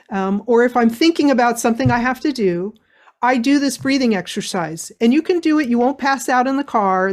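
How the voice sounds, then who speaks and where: A middle-aged woman giving a motivational webinar talk, telling a story in an animated way. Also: on the high side. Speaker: speaker.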